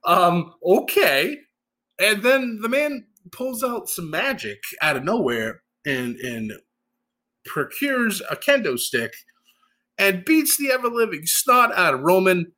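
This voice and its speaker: A man giving a casual solo recap, chatty and animated, often laughing and using fillers. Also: on the high side. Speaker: show recap host.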